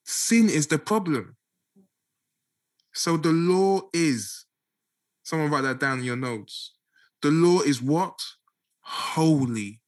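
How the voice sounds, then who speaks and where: A man's voice: a little high, lively intonation, slow pace, long pauses. A man preaching a casual Bible teaching, repeating key points and checking that listeners follow. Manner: conversational, repeats and emphasizes points.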